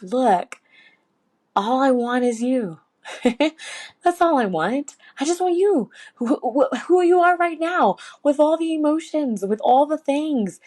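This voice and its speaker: A woman's voice: a little high, a little mellow. A woman talks through a personal faith story on her podcast. She speaks earnestly and close to tears, circling back with fillers and restarts. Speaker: podcast host. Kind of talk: personal faith reflection, casual monologue.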